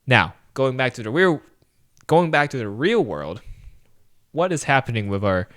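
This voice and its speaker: A man co-hosting a podcast, chatting casually about a film, animated and laughing often as he acts out lines. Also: medium pitch, moderate pace. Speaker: podcast co-host. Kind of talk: casual movie review chat.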